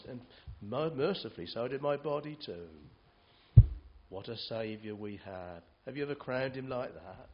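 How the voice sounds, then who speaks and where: A man preaching a sermon in a chapel, fervent, swelling and dropping in loudness. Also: on the high side. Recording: dull lo-fi recording.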